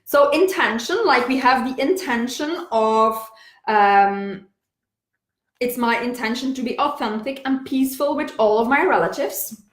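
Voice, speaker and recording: High-voiced woman, echoey room. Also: unhurried. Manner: gentle, repetitive, many fillers and restarts. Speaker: self-help video host. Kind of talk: casual talk to camera.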